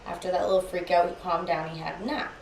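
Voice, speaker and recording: A woman's voice: on the low side, quick pace. A young woman co-hosting a podcast, telling a personal story in casual chat and acting out what people said. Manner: animated, acts out quoted speech. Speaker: podcast co-host. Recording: echoey room, faint noise.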